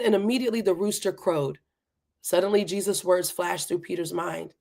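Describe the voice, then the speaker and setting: A woman's voice: fairly low pitch, moderate pace, vocal fry, darkish tone. A woman hosting a Bible reading challenge, reading Scripture aloud and breaking off for casual, chatty commentary. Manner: breaks off to chat and laugh at herself.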